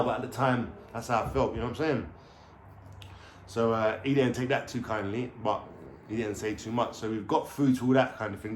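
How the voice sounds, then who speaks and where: A man's voice: mid-range voice, moderate pace. Man telling stories straight to camera, slangy, sweary and rambling; echoey room with faint background noise. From London. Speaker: vlogger. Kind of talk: casual storytelling to camera. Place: at home, indoors, with a dog.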